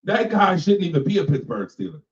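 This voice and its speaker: A man's voice: on the high side, very animated, brisk, a little mellow. A man hosting a radio show, ranting casually and emphatically about football, repeating lines for effect. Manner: laughs between remarks. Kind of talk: casual sports rant. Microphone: personal microphone. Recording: echoey, distant, dull mic sound.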